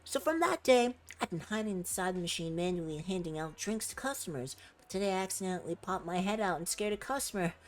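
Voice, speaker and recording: A woman's voice: fairly low pitch, expressive, quick pace, hardly any pauses, pitched above the performer's own voice, natural voice. A woman reading aloud as a small tearful robot helper in a video game, speaking in a fretful, weepy way.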